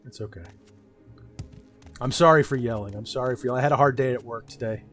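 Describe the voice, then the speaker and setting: A man voicing a stressed dad who apologizes to his son for yelling after a hard day at work. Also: mid-range voice, fast, soft background music, natural voice. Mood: apologetic. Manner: sheepish, apologetic.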